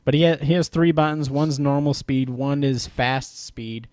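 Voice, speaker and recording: A man's voice: mid-range voice, normal speed, darkish tone. A man in casual podcast chat, laughing often as he tells a story about a creepy toy.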